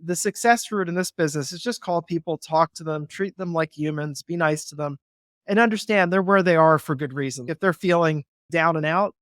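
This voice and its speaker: A man's voice: a little high, fairly quick, fairly bright tone, no echo, clean studio sound. A man being interviewed, talking earnestly and persuasively, acting out phone calls to make his points. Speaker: guest, real estate investor. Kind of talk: interview, conversational explanation.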